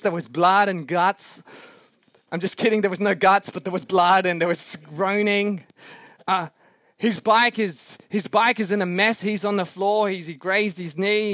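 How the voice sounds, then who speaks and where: A male preacher telling a sermon anecdote in an animated, self-mocking way. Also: high voice, no echo, clean studio sound. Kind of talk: sermon storytelling.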